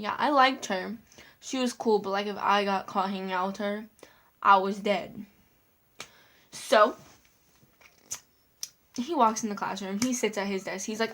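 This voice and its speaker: A woman's voice: medium pitch, fairly even intonation, moderate pace, fairly bright tone. A young woman casually telling a personal story to her viewers, full of "like" fillers and giggles. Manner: chatty, lots of "like" fillers, giggly asides. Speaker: vlogger.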